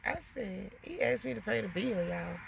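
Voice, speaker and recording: A woman's voice: mid-range voice, lively intonation, moderate pace, vocal fry, breathy edge. A woman with young kids venting casually to her viewers, swearing freely and calling them y'all. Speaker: vlogger.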